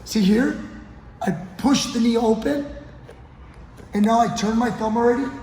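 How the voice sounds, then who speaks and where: A man with a very high voice and a darkish tone speaks at a measured pace as he coaches grappling on the gym mats, demonstrating a technique and checking in with his partner often. The recording has a little hiss or hum, and the echoey gym gives long reverb.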